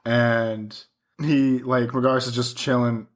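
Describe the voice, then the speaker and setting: A man's voice: mid-range voice, flat delivery, unhurried. A young man co-hosting a podcast, chatting casually, swearing freely and laughing often as he acts out lines. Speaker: podcast co-host. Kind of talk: casual chat.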